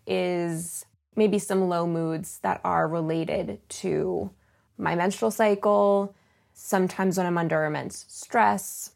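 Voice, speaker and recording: Earnest woman podcast host, gravelly edge. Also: fairly low pitch, a little mellow. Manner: earnest, open and confessional. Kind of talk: solo podcast monologue.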